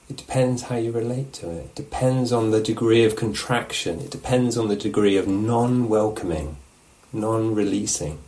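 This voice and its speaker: A man with a fairly low voice gives a loose, conversational dharma talk as a meditation teacher. He often pauses to check in with his listeners with a quick "yeah?". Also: darkish tone.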